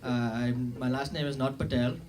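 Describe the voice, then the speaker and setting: A man's voice: mid-range voice, little pitch movement, moderate pace, background noise. A young man doing a self-deprecating stand-up set on a comedy club stage, talking casually into a handheld mic, recorded live. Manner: conversational, self-deprecating, with fillers and asides. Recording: live club recording with loud audience laughter.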